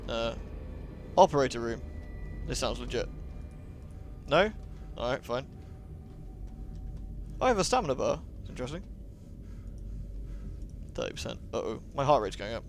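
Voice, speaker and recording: A man's voice: medium pitch, lively intonation, normal speed, pauses often, faint music behind. A man giving jokey, sarcastic commentary while playing a horror game. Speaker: gaming commentator. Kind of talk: let's play commentary.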